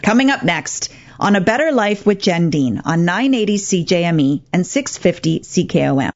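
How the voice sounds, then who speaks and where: A woman's voice: lowish voice, sing-song, normal speed. A woman hosts a talk radio show, speaking as a parent coach in an earnest, emphatic way. Her voice comes through with a dull, lo-fi broadcast sound. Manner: earnest, emphatic advice-giving.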